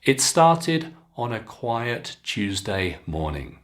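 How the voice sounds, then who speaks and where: A man with a British English accent teaching pronunciation, reading a story aloud slowly and clearly between instructions to pause and practise. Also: medium pitch, sing-song. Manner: slow, deliberate, clearly enunciated reading with instructions to repeat.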